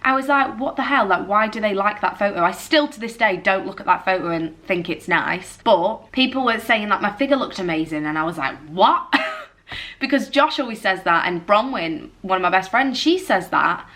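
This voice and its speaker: A woman's voice: mid-range voice, lively intonation, moderate pace, pushed and bright. A young woman with a British accent talking candidly in a personal vlog, chatty and confessional, leaning on "like" as she goes. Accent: British English. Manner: chatty and confessional, leans on "like", slips into emotional moments. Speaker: vlogger.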